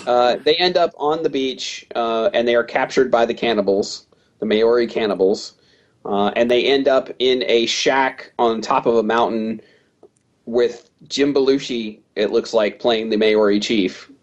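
Lively man recapping a movie, dull sound. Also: mid-range voice, a little slow. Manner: animated, acts out characters' lines in a raised voice. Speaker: podcast co-host. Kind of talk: casual movie discussion.

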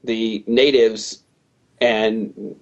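A man's voice: lowish voice, steady tone, extremely slow, muffled recording. A man co-hosting a casual movie podcast, recapping the plot and playfully acting out characters' lines in a raised voice. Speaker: podcast co-host.

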